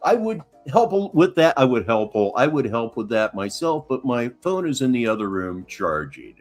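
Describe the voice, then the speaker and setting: A man's voice: mid-range voice, big pitch swings, moderate pace, faint music behind. A man hosting a live stream, mocking a video clip with sarcastic, chuckling commentary from a golf course.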